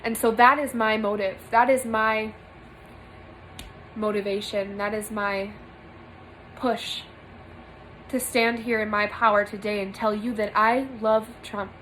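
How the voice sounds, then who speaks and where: A woman's voice: mid-range voice, little pitch movement, unhurried, long pauses, a bit bright, slight background noise, low-quality recording. A young woman giving an earnest spiritual monologue to camera from a small room, emphatic and repeating phrases for stress. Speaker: spiritual vlogger.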